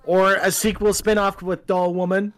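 A podcast co-host of middling pitch trades dry, wry jokes about a film. The tone is casual and practical, and this co-host also calls out timestamps to keep everyone in sync. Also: flat delivery, normal speed, fairly bright tone. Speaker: podcast co-host who runs the playback sync. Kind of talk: casual movie commentary chat.

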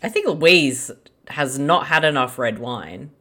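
A woman's voice: low-pitched, expressive, slow pace, fairly bright tone. A woman with an Australian accent, chatty and giggly as co-host of a casual movie commentary chat. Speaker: podcast co-host.

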